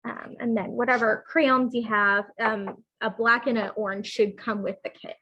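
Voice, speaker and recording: A woman's voice: fairly high pitch, fairly even intonation, normal speed, dull audio. A woman presenting a children's program, reading a storybook aloud and then explaining a craft step by step. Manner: gentle, instructive, with fillers.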